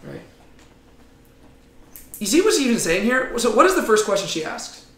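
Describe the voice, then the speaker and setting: Brief: high-pitched man leading a Bible study, chatty, lots of "like", roomy echo. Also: normal speed. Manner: animated, frequent "like" and "right?". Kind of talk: casual Bible teaching. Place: Bible study room with a group.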